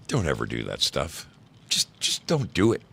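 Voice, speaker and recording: A man's voice: extremely low pitch, vocal fry, sharp tone, breathy edge. A man hosting a show from home, reading embarrassing stories aloud with wry, amused asides. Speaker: podcast host.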